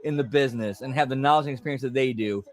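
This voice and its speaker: American male co-host, mid-pitched, measured and critical. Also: a little mellow. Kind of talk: casual live-stream chat.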